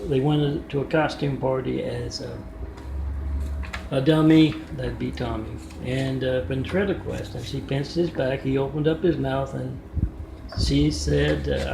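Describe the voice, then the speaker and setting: A man's voice: medium pitch, fairly even intonation, a little slow, creaky. A man telling a meandering story to his phone camera in a casual vlog, with wry asides and lots of fillers. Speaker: vlogger. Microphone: phone front camera. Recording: echoey room with background noise.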